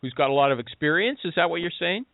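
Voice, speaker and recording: A man's voice: a little high, animated, fast talker, no room sound, narrow, tinny audio. A man hosting a heated panel talk, an interrupting, pushy questioner. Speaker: host.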